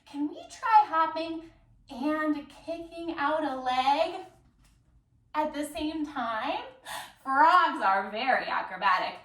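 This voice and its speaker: A woman guides kids through storytelling yoga in a library room, using a playful sing-song delivery and animal noises. Her voice sits high with a fairly bright tone. She's heard from a distance with a roomy echo and a little hiss or hum.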